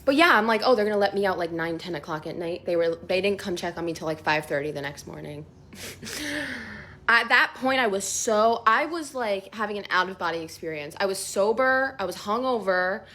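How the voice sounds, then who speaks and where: A young woman telling a casual storytime vlog, chatty and animated, full of filler words, swearing and laughter. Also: mid-range voice, moderate pace.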